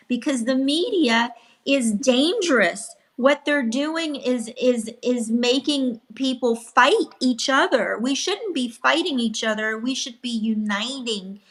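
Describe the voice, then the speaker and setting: Slow-speaking earnest woman guest. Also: fairly high pitch, a bit bright. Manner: earnest, emphatic. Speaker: talk show guest. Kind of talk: casual talk show discussion.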